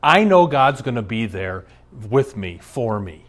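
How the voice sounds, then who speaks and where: A man's voice: mid-range voice, big pitch swings, a little slow. A man preaching a sermon, telling stories with emphasis and occasional laughs. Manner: storytelling, emphatic, frequent laughs. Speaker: pastor.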